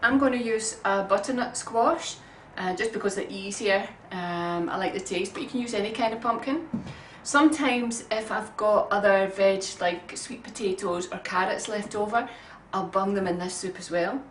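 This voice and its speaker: A home cook gives a casual cooking demonstration, chatting through a recipe in her kitchen in a homely manner full of ums. She speaks at normal speed with a medium pitch and hardly any pauses, picked up by a distant mic in a roomy space with faint background ambience and slight hiss or hum.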